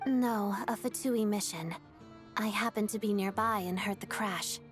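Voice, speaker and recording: Actress as a young ballerina agent, calm, matter-of-fact, video game voice, loud music underneath. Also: female voice, medium pitch, a little slow, natural voice.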